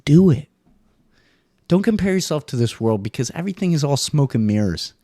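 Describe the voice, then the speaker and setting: A man hosting a casual solo podcast monologue, swearing freely and jumping into high mock voices now and then. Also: sing-song, fairly quick, dark tone, dry recording, studio quality. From US East Coast. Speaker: podcast host.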